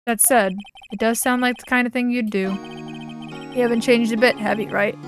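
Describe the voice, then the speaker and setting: A woman voicing a proud young male prosecutor in a courtroom game, speaking low and clipped. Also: fairly even intonation, moderate pace, music in the background, natural voice. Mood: aloof.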